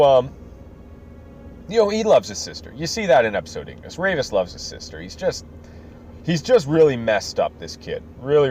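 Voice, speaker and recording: Rambling male podcast host, lively pitch. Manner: rambling, self-correcting, chuckling. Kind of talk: casual episode recap. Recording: slightly dull lo-fi with faint noise.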